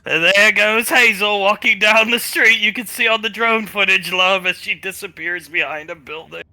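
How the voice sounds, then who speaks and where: A man's voice: high-pitched, moderate pace, no room sound. A man narrating as game master, laughing and switching between characters. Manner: lively, laughing, switches voices.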